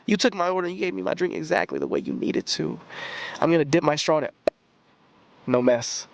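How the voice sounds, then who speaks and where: Young guy with a high voice hyping up a movie on his podcast, super emphatic, repeats stuff. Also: fairly quick, creaky. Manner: animated, emphatic, repeats phrases for stress. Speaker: podcast host. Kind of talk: casual movie review monologue.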